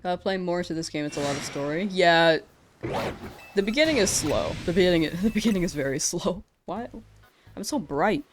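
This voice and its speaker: A woman's voice: on the low side, lively intonation, fairly quick, soft background music. A woman streaming a game, chatting casually with her viewers and laughing often. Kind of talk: casual live-stream chat while gaming.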